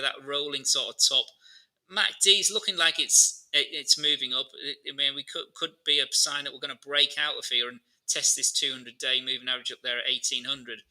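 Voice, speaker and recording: A man's voice: mid-range voice, poor audio. A man hosting a live market analysis stream, chatting informally and answering viewer questions as he talks through charts. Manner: many fillers and restarts, relaxed and informal.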